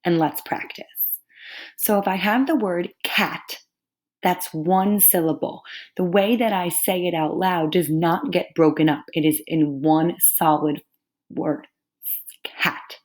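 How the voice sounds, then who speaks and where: A woman teaching young children in a recorded lesson, speaking slowly and patiently. Her voice sits a little low, and she sounds out each word with care. Her delivery is kind and clear. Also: fairly even intonation, a little mellow. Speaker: third grade teacher.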